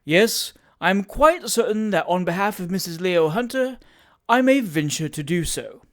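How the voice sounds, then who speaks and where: Leo Hunter, a grave and pompous gentleman, gushing with formal courtesy, as a reader puts him on. Higher and more insistent than a plain narrating voice, in a storybook reading. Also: expressive, normal speed, natural voice. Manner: formal, effusive, repeats sir. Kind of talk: audiobook character reading.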